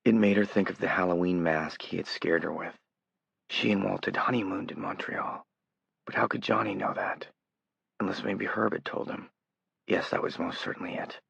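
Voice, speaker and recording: A man narrating an audiobook in a measured, low-key way. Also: fairly even intonation, gravelly, a bit bright, husky, no room sound. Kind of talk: scripted narration. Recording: dull lo-fi recording, dry.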